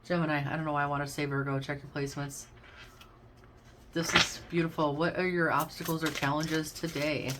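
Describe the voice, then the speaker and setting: Woman, low-pitched, tarot reader; casual and effusive, talks straight to her viewers. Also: level tone, brisk, very noisy. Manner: chatty and effusive, addresses listeners as babes and y'all.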